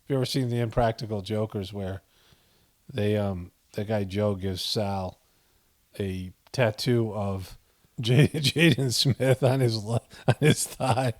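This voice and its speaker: A man's voice: fairly low pitch, steady tone, slow pace. A man hosting a casual video commentary, rambling with frequent chuckles and fillers. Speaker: commentary channel host.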